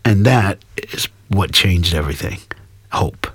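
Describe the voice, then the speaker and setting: A man as an interview guest, telling his life story with animated acted-out dialogue. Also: low-pitched, unhurried, slightly rough, no echo, clean studio sound. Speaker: guest speaker.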